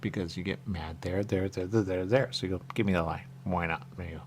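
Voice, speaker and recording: A man's voice: low voice, steady tone, fast talker, a little hiss or hum. A man rambling and joking in loose banter as a radio show host, repeating catchphrases. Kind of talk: loose banter among co-hosts.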